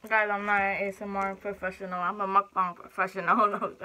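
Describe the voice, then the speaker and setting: Bright-voiced chatty woman mukbang vlogger. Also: medium pitch, level tone, brisk. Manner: chatty, giggly, talks while chewing. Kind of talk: casual eating vlog.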